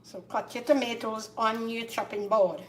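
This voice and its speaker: A woman's voice: on the high side, steady tone, normal speed, recorded from a distance, slight background noise. Chatty Caribbean woman cooking, echoey room. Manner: chatty, repeats words, grows loud and emphatic when making a point. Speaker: cooking show host. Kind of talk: casual cooking demonstration. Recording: echoey kitchen, voice from off-mic. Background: faint clatter of pots and dishes.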